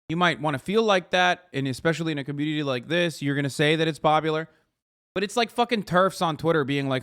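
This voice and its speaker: Guy streamer going off at chat, swears a lot, kinda high voice, mocks people in silly voices. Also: fairly bright tone, clean tone. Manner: heated, profane, mocking impressions of critics. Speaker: streamer host. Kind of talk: casual political rant to chat.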